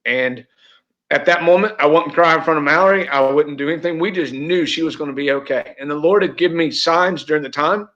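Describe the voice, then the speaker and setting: Middle-aged guy, kinda high voice, earnest rambling story, muffled lo-fi audio. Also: brisk, a bit bright. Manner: earnest, heartfelt, many fillers and restarts. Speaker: real estate agent, interview guest. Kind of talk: emotional personal storytelling.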